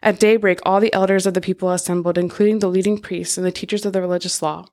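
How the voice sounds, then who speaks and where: Flat, steady woman reading scripture. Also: fairly low pitch, fast talker. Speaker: podcast co-host reading scripture.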